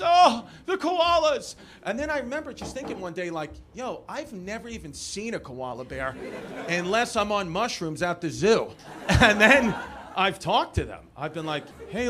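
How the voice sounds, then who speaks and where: Rowdy New York man doing stand-up. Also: high-pitched. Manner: loud, rowdy storytelling that jumps into shouted impressions. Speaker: stand-up comedian. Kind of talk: stand-up crowd work. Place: comedy club stage. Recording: live club recording with noisy crowd. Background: crowd laughter.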